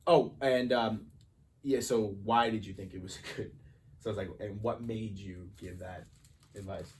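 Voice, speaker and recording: Laid-back swearing podcast co-host. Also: male voice, on the low side, fairly even intonation, measured pace, darkish tone. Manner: laid-back, swears often, laughs easily. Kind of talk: casual chat. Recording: distant mic with faint noise.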